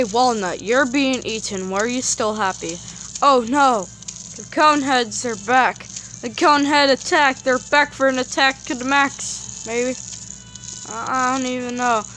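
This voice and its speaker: A woman giving casual gameplay commentary, excitable and rambling, often repeating words when flustered. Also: a little high, unhurried, pauses often, slight background noise.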